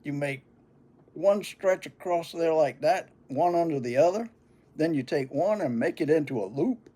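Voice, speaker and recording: A man's voice: a little high, lively intonation, normal speed, warm tone, pitched above the performer's own voice. An older man voicing a cocky young schoolboy who teases and brags, his voice pushed well above his own. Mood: coaxing. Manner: brash, teasing.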